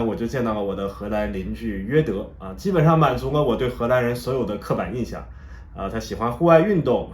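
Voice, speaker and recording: A man from China who tells a lively story, then hosts a casual interview with two guests. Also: medium pitch, reverberant. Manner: lively storyteller, voices quoted people. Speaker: host and interviewer.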